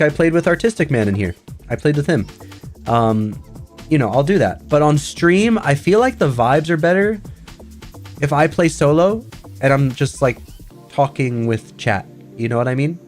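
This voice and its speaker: A man in an ordinary mid-pitched voice, talking casually to his stream chat. He rambles, restarts and leans on fillers, and soft music plays faintly underneath. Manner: rambling, filler-heavy, chatty. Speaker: VTuber streamer.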